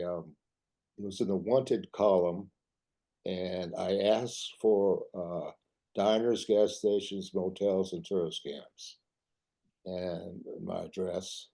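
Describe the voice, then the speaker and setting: An older man giving a talk, reminiscing in a halting way full of restarts. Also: sits low, vocal fry, warm tone. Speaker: artist giving a club talk.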